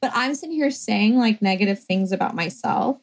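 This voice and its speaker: A middle-aged woman talking casually as a podcast co-host, her voice slightly husky and breathy. She tells her points animatedly, often acting out what she says to herself. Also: medium pitch, fairly quick, rough recording. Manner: animated, many fillers and quoted self-talk. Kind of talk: casual chat.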